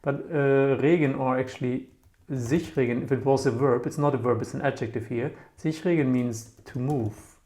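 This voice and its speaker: A man's voice: mid-range voice, moderate pace, a little mellow. A man teaching vocabulary in a casual, musing way, often checking in with "yeah?" and repeating words aloud. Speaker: German teacher. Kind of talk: casual explanatory lesson.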